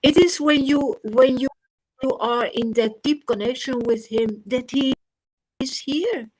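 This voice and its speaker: A woman's voice: sits high, measured pace, dry recording, rough recording. A woman earnestly sharing devotional feelings in a group, repeating phrases. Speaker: group member.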